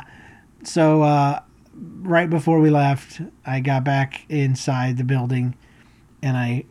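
A man's voice: medium pitch, darkish tone. A man in his forties hosting a podcast, telling a story in a rambling, self-mocking way. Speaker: podcast host. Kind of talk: casual storytelling.

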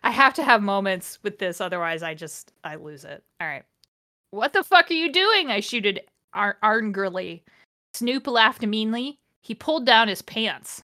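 Bright-voiced woman reading with sardonic groans. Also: medium pitch, moderate pace. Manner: sardonic, groaning and laughing at the text. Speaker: podcast host reading a fanfiction aloud. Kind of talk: casual comedic read-along.

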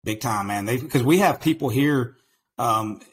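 A man's voice: medium pitch, unhurried, slight background noise, rough recording. A man with an East Texas country accent, a podcast guest talking in a laid-back, casual way. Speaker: podcast guest, business owner. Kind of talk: casual interview chat.

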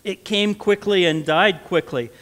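A man's voice: sits high, unhurried, a bit bright. A man with a Midwestern American accent preaching a sermon, conversational and then rising to emphatic stresses. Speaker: pastor. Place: church sanctuary. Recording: long church reverb.

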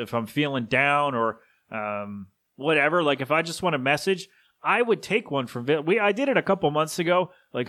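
A man hosting a solo podcast, talking casually and with strong opinions, often correcting himself and sometimes slipping into a gruff put-on voice for quick impressions. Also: a little high, a bit bright. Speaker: podcast host. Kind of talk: solo rambling podcast talk.

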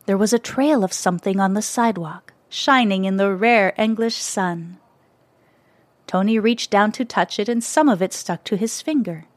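A woman narrating a children's story in a gentle, expressive way, close to the mic. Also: medium pitch, moderate pace, no echo.

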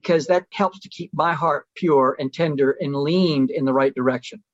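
Guest speaker: earnest middle-aged man, slightly high voice, on a dull, dry-sounding line. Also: normal speed, dry recording. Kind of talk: relaxed storytelling conversation.

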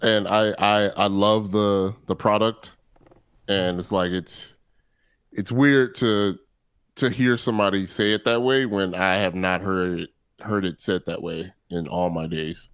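A man co-hosting a podcast, teasing his partner in casual chat and halting over his words. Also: sits low, fairly even intonation, a bit bright, clean tone, dry recording.

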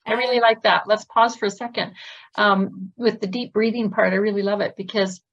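A woman's voice: medium pitch, steady tone, fairly quick, a bit bright, muffled recording. A woman interviewer responding in casual chat, affirming, with fillers and light laughs.

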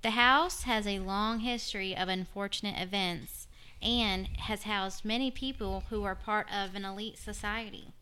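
Middle-aged woman hosting a chatty podcast. Her voice is bright and smooth, and she wanders off topic. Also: mid-range voice, normal speed. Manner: rambling, drifts off topic. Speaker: podcast host. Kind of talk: casual podcast chat.

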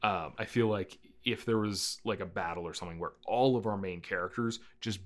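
A young man with a fairly low voice talks loosely about a film he saw. He rambles and reaches for fillers, and he laughs easily as he goes. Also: brisk. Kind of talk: casual movie review chat.

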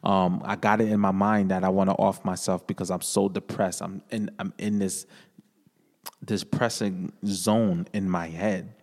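A man with a low, darkish voice speaks flatly and unhurriedly as a podcast guest, earnestly giving his personal testimony in a casual way and repeating phrases often. The room is echoey, with a long reverb.

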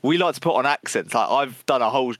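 A man's voice: mid-range voice, animated, quick pace, a bit bright, no echo, clean studio sound. A man from the south of England co-hosting a casual podcast, chatty and laughing, often restarting his sentences. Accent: southern English. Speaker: podcast co-host.

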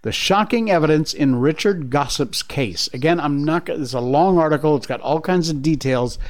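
A man's voice: fairly high pitch, moderate pace. A middle-aged man hosting an online news commentary show, emphatic and sarcastic, often laughing at the news he covers. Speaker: host. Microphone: studio mic with earpieces.

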